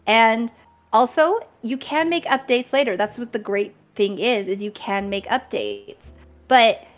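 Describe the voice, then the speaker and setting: A woman chatting casually as a guest on a creator talk stream, upbeat and quick to laugh while giving encouraging advice. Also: fairly high pitch, big pitch swings, soft background music. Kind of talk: casual chat.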